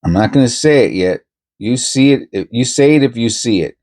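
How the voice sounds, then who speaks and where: A man's voice: medium pitch, lively intonation, brisk, darkish tone. A man hosting a coin-hunting channel, talking casually and rambling with many restarts and self-interruptions. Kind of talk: casual commentary to camera.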